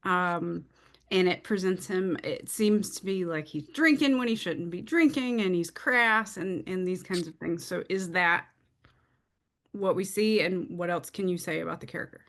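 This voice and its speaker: A woman interviewer asking questions in a measured way, drawing on notes. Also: fairly low pitch, fairly bright tone.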